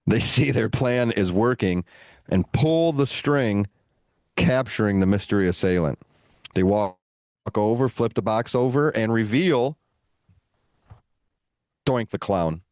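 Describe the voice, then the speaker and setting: A man co-hosting a podcast, telling a long story in an animated, relaxed way with playful asides. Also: on the low side, takes it slowly, long pauses, no room sound, clean studio sound. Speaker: podcast co-host. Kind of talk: casual storytelling.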